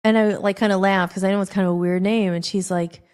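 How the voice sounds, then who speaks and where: A woman hosting a podcast, telling a personal story in a rambling, animated way, acting out the dialogue. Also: mid-range voice, quick pace, clear, resonant tone. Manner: rambling, animated, acts out quoted dialogue with filler "like". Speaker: podcast host.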